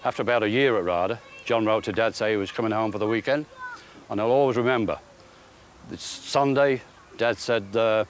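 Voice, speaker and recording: A man with a lowish voice recalls a family memory of his brother in an interview. He tells it plainly and acts out the old dialogue. Faint noise sits in the background. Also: fairly quick. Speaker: brother of the subject.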